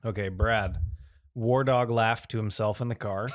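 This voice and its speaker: A man co-hosting a podcast, reading out a list of items in a steady, matter-of-fact way. The recording is dry, with no room sound around his voice. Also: lowish voice, measured pace, no echo. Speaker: podcast co-host. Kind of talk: casual chat.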